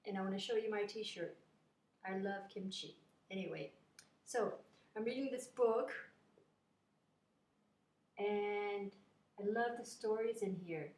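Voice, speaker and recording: A woman's voice: mid-range voice, slow, pauses often, a little mellow. Chatty woman retelling a tale. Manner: chatty, rambling, with fillers and restarts. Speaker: storyteller. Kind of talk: casual storytelling to a friend. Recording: echoey room.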